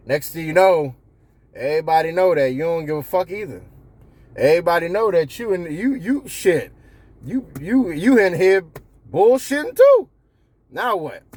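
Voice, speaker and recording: A man vlogging in a casual, profane monologue with a blunt, joking manner. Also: on the high side. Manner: joking, blunt, swears a lot, slips into impressions. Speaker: vlogger giving workplace advice.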